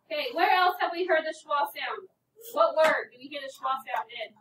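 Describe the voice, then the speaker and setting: A woman's voice: high-pitched, normal speed, fairly bright tone, recorded from a distance. A woman teacher leading a phonics lesson for young children, asking questions patiently and calling on pupils. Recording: echoey classroom, voice from off-mic, faint noise.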